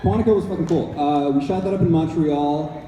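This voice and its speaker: Joking around with the crowd, a Canadian actor rambles playfully through fan questions on a large convention hall stage. He talks a little fast in a fairly high, warm voice over soft background music. The echoey recording places him at a distance.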